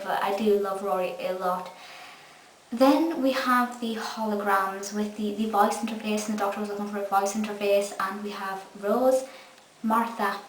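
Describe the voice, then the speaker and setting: A young Scottish woman gushing through a casual episode review. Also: mid-range voice. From Scotland. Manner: enthusiastic, gushing. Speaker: fan reviewer. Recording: echoey room, mic far off, faint hiss.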